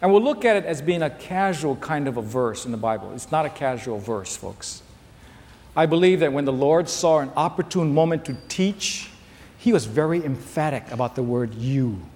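A man's voice: fairly high pitch, darkish tone. A man preaching a sermon to a large congregation, emphatic and direct, recorded in a big hall. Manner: emphatic, pointing at listeners. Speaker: pastor. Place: large church hall with tent overflow. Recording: long hall reverb.

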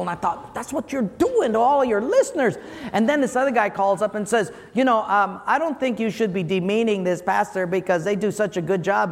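High-voiced animated preacher in a hall. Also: male voice. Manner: animated, acts out quoted callers. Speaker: pastor. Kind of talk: humorous sermon storytelling. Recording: long hall reverb, faint room noise.

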